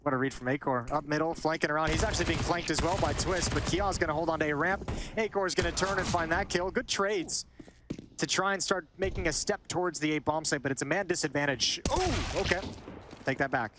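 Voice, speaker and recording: Fast-talking male esports analyst. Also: fairly high pitch. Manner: quick, chatty analysis with repeated words. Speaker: esports commentator. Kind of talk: analytical color commentary. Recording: esports broadcast with clear background noise.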